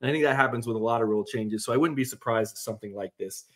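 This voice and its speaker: A man's voice: medium pitch, very fast. Rambling man talking sports. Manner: animated, rambling with fillers. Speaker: podcast co-host. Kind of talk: casual sports chat.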